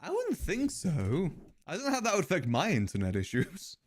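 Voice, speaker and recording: A man's voice: high-pitched, wildly swooping pitch, moderate pace. A man streaming live, chatting casually with his viewers and joking between tasks. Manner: chatty, joking asides to chat.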